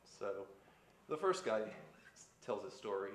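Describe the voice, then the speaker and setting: A man's voice: lowish voice, fairly quick, darkish tone. A man doing live stand-up, telling a long joke in a laid-back, rambling way. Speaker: stand-up comedian. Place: live studio stage. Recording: roomy live stage sound with faint noise.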